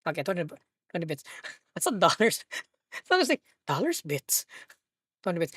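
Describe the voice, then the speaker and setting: A young woman streaming a driving game, excitable and swearing, laughing and talking to her chat. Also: medium pitch, moderate pace, long pauses, husky, dry recording, studio quality. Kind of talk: casual live-stream chat while gaming.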